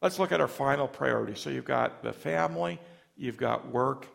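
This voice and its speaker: Middle-aged male pastor, heavy vocal fry, earnest storytelling sermon with emotional swells. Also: mid-range voice, normal speed, a bit bright.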